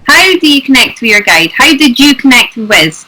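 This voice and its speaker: A woman with a bright, somewhat high voice co-hosting a casual conversation. She asks questions and answers briefly. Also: big pitch swings, moderate pace, rough recording. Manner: brief agreeing interjections. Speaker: co-host. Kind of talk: casual chat.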